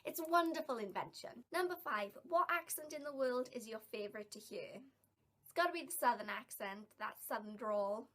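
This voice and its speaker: A woman's voice: on the high side, animated, moderate pace, slight background noise. A young woman from South Wales with a Welsh accent, chatting and rambling casually in a vlog tag video. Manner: chatty and rambling, with bright bursts of emphasis. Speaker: vlogger.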